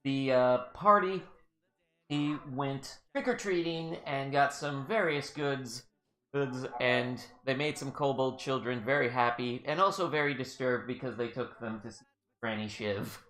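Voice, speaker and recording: A man's voice: medium pitch, unhurried, fairly bright tone. A man running a tabletop game on a livestream, talking in a rambling way and laughing often. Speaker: game master. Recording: echoey mic.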